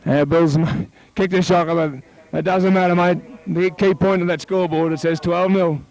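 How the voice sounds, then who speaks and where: Gravelly Australian rugby league commentator. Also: male voice, high-pitched, normal speed, low-quality recording. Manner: rises to excited shouting on tries, chatty asides to co-commentator. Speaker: match commentator.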